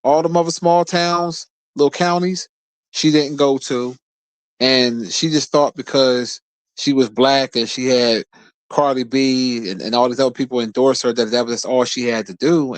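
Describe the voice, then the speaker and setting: A man gives loose, opinionated live-stream commentary in a middle-pitched voice. He talks bluntly, swears freely, and often stutters on repeated words before his point lands. The sound is close and dry, with no room echo. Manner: blunt, profane, repeats words when starting sentences. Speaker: streamer host.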